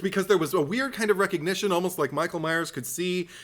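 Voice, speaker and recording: A man hosting a casual film podcast, animated and swearing freely, acting out scenes as he talks. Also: high-pitched, fast talker. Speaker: podcast host. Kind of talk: casual film review chat.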